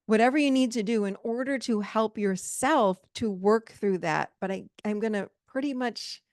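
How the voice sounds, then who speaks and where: A woman's voice: fairly high pitch, moderate pace, darkish tone, dry recording, clean studio sound. A woman hosting a podcast, giving relationship advice in a direct, emphatic, conversational way. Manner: emphatic, direct, conversational, addresses listeners as "you guys". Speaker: podcast host and relationship coach. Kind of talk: solo podcast advice talk.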